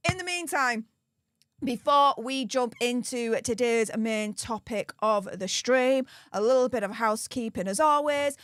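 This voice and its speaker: High-voiced Yorkshire woman streaming. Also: a little slow, fairly bright tone, dry recording, clean studio sound. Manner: chatty and upbeat, thanking supporters by name. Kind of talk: casual live-stream chat.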